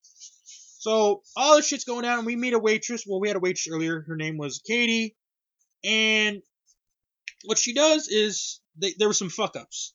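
A young man tells a rambling story with a high, bright voice, acting out quoted lines and swearing freely. The sound is dry and a little dull. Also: animated, measured pace, no echo. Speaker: podcast co-host recapping a reality cooking show. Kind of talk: casual chat.

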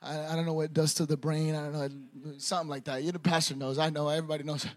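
A young man preaching a sermon, swinging from quiet storytelling to shouted preaching. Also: a little high, little pitch movement, rapid-fire.

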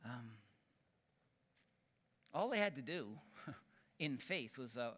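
A man preaching a sermon, telling stories and acting out the quoted voices with lively energy. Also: medium pitch, slow pace, pauses often, in a large hall. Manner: animated storytelling with acted-out quotes.

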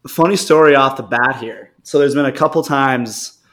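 A man's voice: medium pitch, normal speed, fairly bright tone. A man co-hosting a casual talk show, telling rambling stories and acting out the people in them. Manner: rambling storyteller, acts out quoted people. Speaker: podcast co-host. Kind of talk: casual chat.

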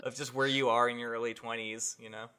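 Chatty male podcast host, bright tone, relaxed. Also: medium pitch, a little fast, clean tone. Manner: chatty, relaxed, asks the questions. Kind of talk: casual chat.

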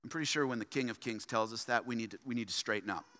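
A man's voice: medium pitch, rapid-fire, sharp tone, big-room sound. A man preaching a sermon as pastor, emphatic and fond of repeating key phrases for stress. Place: church sanctuary.

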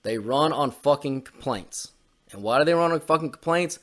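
This podcast co-host rants about politics, hot-tempered and opinionated, with swearing he keeps repeating. He sounds animated, on the high side and a bit bright, speaking at normal speed.

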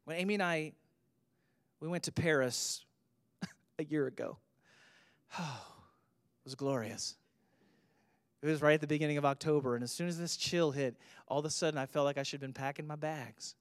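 Animated man preaching in a dry room. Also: on the high side, moderate pace, long pauses, smooth, dry recording. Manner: storytelling with humor, animated and emphatic. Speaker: pastor. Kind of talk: sermon.

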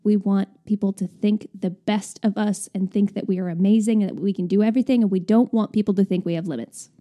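A woman with a mellow, warm voice co-hosts a casual advice podcast. She is chatty and expressive, and she talks things through at an easy mid-range pitch. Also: fast talker. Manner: chatty and expressive, with laughs and sighs. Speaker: podcast co-host.

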